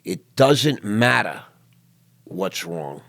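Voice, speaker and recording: A man's voice: on the low side, big pitch swings, very slow, creaky, fairly bright tone. An older man hosting an interview in a studio, emphatic and prone to repeating himself as he tells personal stories. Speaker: podcast host. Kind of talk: emotional interview chat.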